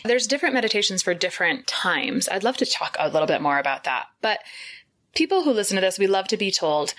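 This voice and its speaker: A woman's voice: fairly low pitch, sing-song, quick pace, a bit bright. A woman hosting a podcast, asking questions in an enthusiastic, conversational way. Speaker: podcast host. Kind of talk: podcast interview.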